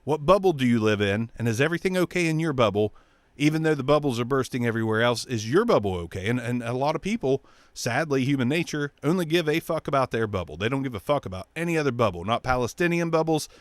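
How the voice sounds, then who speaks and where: A man hosts a show and delivers a blunt, profane rant, swearing freely and breaking into mocking impressions. His mid-pitched voice swings up and down with a lot of animation. The sound is dry and close, with no room around it. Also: animated, fast, dry recording. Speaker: show host.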